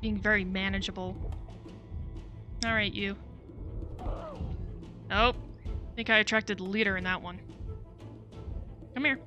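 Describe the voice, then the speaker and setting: A woman's voice: medium pitch, fairly even intonation, unhurried, pauses often, bright, forceful tone, dull audio, soft background music. A young woman giving let's-play commentary, frustrated, cursing and talking to the game as she plays. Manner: frustrated, swears often, talks to the game. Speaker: gaming video creator.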